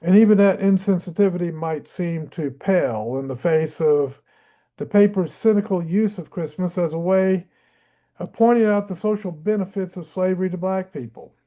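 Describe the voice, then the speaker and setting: This audiobook reader, a Tennessee man with a Southern accent, works through a history book and drops in offhand comments along the way. His voice is high and mellow, at a normal speed.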